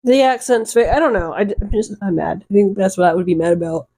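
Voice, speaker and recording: Mellow-voiced woman doing sarcastic commentary. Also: lowish voice, steady tone, fast, breathy edge. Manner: sarcastic, rambling, laughs at herself. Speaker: video essay commentator. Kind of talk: casual commentary.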